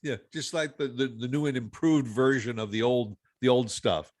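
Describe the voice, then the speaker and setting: A man hosting a podcast in casual chat, speaking haltingly with frequent restarts. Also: medium pitch, fairly even intonation, a little mellow. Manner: halting, many restarts and fillers. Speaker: podcast host.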